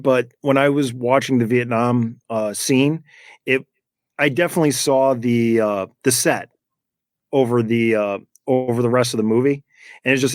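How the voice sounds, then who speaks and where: A man joins a casual movie podcast and talks things through slowly, pausing often to find his words. His voice sits in the middle range and sounds dry and close. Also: mid-range voice, a little mellow, dry recording. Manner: thoughtful, hesitant, many fillers.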